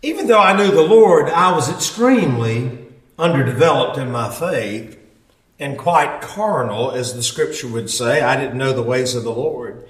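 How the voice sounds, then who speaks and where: A man preaching a testimony as a folksy storyteller, acting out quotes with sudden shouts. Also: mid-range voice, animated, moderate pace. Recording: echoey hall, mic far off.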